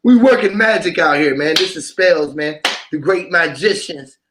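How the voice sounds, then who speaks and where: High-voiced man chanting freestyle wordplay. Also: normal speed, background noise. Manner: stream-of-consciousness wordplay, chanting repeated words. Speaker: vlogger. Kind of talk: freestyle rambling monologue.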